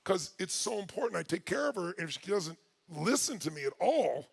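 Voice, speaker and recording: A man with a high, gravelly voice tells a story to an audience. He talks in a lively, animated way, sometimes nearly shouting, then drops to a quiet, earnest tone. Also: fairly quick. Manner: lively, swings from loud exclaiming to quiet earnest. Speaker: speaker telling a story to an audience.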